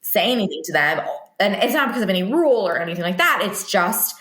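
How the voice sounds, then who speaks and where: A woman guest chatting casually, telling animated stories and jumping up high when she quotes people. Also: quick pace, roomy sound. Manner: animated storytelling with high-pitched quoted voices. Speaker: podcast guest, pro cheerleader. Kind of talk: casual chat.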